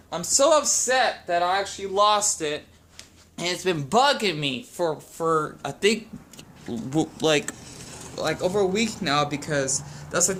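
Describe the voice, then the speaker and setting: Bright-voiced young adult rambling at home. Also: medium pitch, a little hiss or hum. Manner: chatty, wandering, self-deprecating. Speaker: vlogger. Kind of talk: casual rambling chat.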